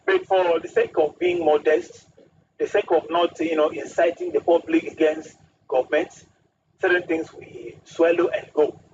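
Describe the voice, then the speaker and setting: A man's voice: a little high, little pitch movement, moderate pace. Emphatic man on talk radio. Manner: emphatic, uses proverbs. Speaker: studio guest. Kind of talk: radio talk show discussion. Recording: distant muffled radio studio with hiss.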